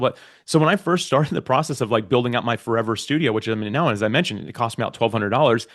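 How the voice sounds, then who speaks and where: A man speaking as a podcast guest in casual interview chat, giving emphatic, animated advice from his home podcast studio. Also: mid-range voice, fast.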